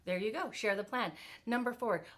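A woman giving an energetic motivational talk on leadership, firing off rhetorical questions. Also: a little high, moderate pace. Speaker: motivational speaker. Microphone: virtual event talk.

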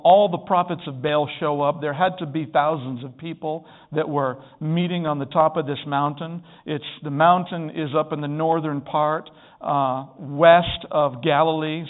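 A man preaching a sermon, retelling a story and rising into emphatic, pleading bursts. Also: a little high. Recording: tinny phone-like sound.

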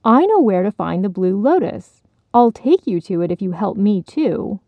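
A woman's voice: mid-range voice, big pitch swings, normal speed, no room sound, phone-quality sound. A woman doing a coaxing crane. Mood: reassuring. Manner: gentle, persuasive. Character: patient, coaxing male crane.

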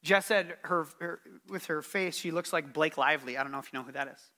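A man's voice: on the high side, brisk, pushed and bright. A middle-aged man preaching a sermon as pastor, earnest and emphatic, repeating his key phrases.

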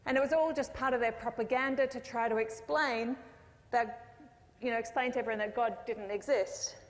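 A woman's voice: fairly high pitch, fairly even intonation, normal speed. A woman preaching a sermon, telling a story in a conversational way with jokes and asides. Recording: long reverb of a hall.

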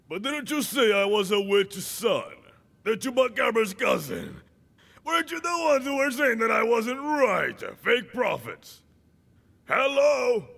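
Animated high-voiced male preacher in a hall. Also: gravelly. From Dominican Republic. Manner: animated, acts out dialogue, shouts at peaks. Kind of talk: sermon.

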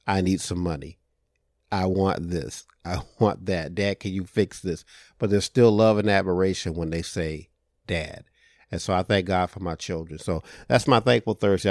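A middle-aged man hosting a podcast as a minister, talking earnestly and warmly about being a father, often repeating words as he goes. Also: low-pitched, no echo, clean studio sound. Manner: earnest, heartfelt, with frequent repetitions and restarts. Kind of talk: reflective podcast monologue.

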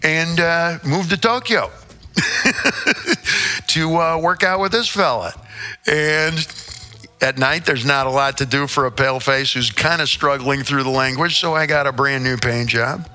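Flamboyant older man, very bright voice. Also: a little high, a little slow, faint music behind. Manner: flamboyant, theatrical, playful wordplay, swearing. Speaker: interview guest, rock singer. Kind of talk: casual storytelling interview.

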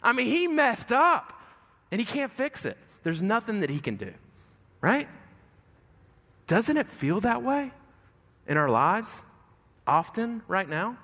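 A man's voice: high voice, slow, long pauses. A male pastor preaching a sermon, telling a story animatedly and acting out the voices of its people. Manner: animated, acts out the story's voices, conversational fillers. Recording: long hall reverb.

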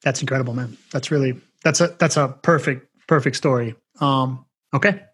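A man's voice: medium pitch, normal speed, fairly bright tone, breathy edge. A man hosting a podcast in casual interview chat, easygoing and chummy. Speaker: podcast host.

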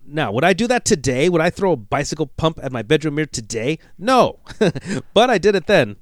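A man co-hosting a podcast, recapping film scenes in an animated storytelling way and laughing at himself. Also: on the high side, brisk, no room sound, clean studio sound. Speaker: podcast co-host. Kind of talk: casual podcast movie breakdown.

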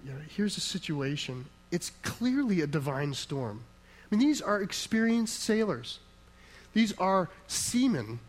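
A man's voice: high voice, very animated, measured pace, poor audio. A man preaching a sermon in an emphatic, conversational way, firing rhetorical questions at the congregation and answering them himself. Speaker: pastor.

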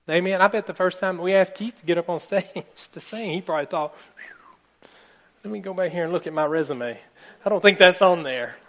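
A male pastor preaching a conversational sermon to his congregation, emphatic and often asking for an amen. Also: fairly high pitch. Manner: emphatic, asks the congregation for amens. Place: church service before a congregation.

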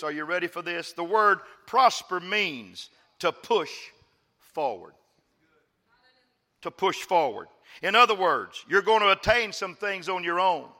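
A man from West Texas preaches from a church stage and calls on the congregation to repeat after him. His voice is high and sharp-edged. Long reverb from a large hall trails behind each phrase. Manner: preaching with call-and-response, emphatic. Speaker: pastor. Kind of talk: sermon.

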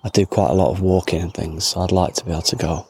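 Talking fast in a deep, flat, darkish voice with a slightly rough edge, a podcast host meanders around an allotment. His casual outdoor chat is full of self-deprecating tangents, and there's no echo.

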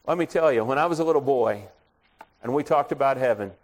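A man's voice: mid-range voice, fast. A middle-aged man preaching a sermon in a conversational way, telling folksy stories from his own life. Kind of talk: storytelling sermon.

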